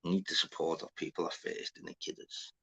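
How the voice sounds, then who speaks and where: A man's voice: low voice, huge pitch swings, fairly quick, sharp tone, husky. A man hosting a casual livestream, rambling, swearing and greeting viewers by name. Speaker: livestream host. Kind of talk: casual live chat.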